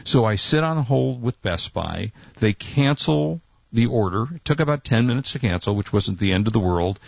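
A man's voice: medium pitch, animated, moderate pace, creaky, no room sound, lo-fi sound. A man co-hosting a casual chat, telling a long story and acting out quotes in exasperated tones. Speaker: co-host.

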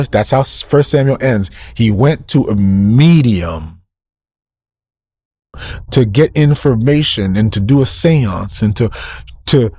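A male preacher delivers a sermon at a slow, deliberate pace. He fires off rhetorical questions, answers them himself and hammers the key phrases again and again, his voice in the middle range for a man. The recording is dry and close, with little room sound. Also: mid-range voice, darkish tone, dry recording.

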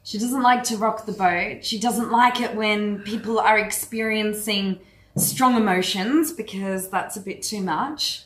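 A woman's voice: medium pitch, unhurried, a bit bright. A woman coach giving a frank, earthy workshop talk to a group, swearing freely and speaking with animation. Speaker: women's empowerment coach. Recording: echoey room.

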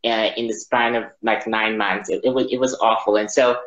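Halting man, roomy lo-fi sound. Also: lowish voice, level tone, a bit bright. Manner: halting, repeats words, reflective. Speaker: guest. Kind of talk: personal storytelling in conversation. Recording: roomy, dull lo-fi audio.

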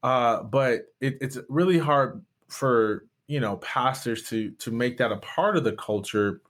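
A pastor in his younger adult years speaks candidly and earnestly as a guest on an interview podcast. He retells events with animated energy, repeating words and restarting phrases as he goes. He is a man from Michigan with a middle-pitched voice. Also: a little slow. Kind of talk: candid storytelling and conversation.

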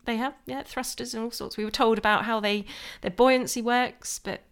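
A woman's voice: fairly high pitch, steady tone, normal speed, fairly bright tone, clean tone. A woman co-hosting a podcast, chatting in an enthusiastic, easygoing way. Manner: enthusiastic, laughs easily. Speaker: podcast co-host. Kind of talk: casual chat.

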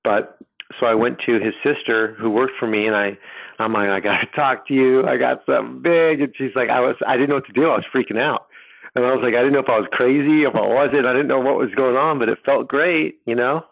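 A middle-aged man telling his personal story as a podcast guest, rambling and halting with many restarts. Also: medium pitch, gravelly. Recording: tinny phone line.

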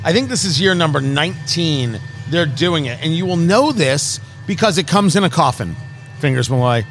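High-voiced joking man from the East Coast. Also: animated, normal speed, a bit bright, faint music behind. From Brooklyn and New Jersey. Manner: brash, joking, showman-like teasing. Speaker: podcast host. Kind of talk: casual cigar review chat.

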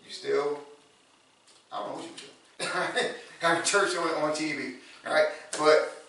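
A man preaching a sermon in a relaxed, conversational way, repeating words and rising to loud emphasis. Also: a little high, slow pace, vocal fry, a little hiss or hum. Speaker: pastor. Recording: echoey room from far off.

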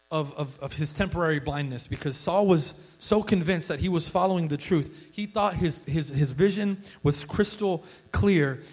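A male pastor preaching a sermon in a conversational storytelling way, with frequent restarts. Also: on the high side. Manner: conversational storytelling, frequent restarts, rising excitement when acting out quotes.

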